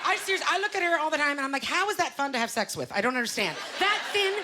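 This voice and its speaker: A middle-aged woman doing a stand-up comedy set on a club stage, with an animated, self-mocking delivery full of rhetorical questions. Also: high-pitched, very fast. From Canada. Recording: live club recording, loud crowd laughter and noise.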